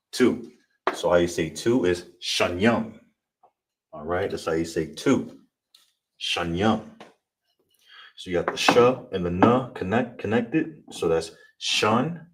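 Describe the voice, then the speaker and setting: A man with a very deep voice teaches a class, checking in with the room after nearly every point. He stretches out words slowly as he drills pronunciation. The recording has a clear layer of background noise. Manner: repetitive, checks in with "all right?" and "you understand?"; slow, drawn-out pronunciation drills. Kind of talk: classroom lesson on Hebrew numbers. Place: classroom with a board.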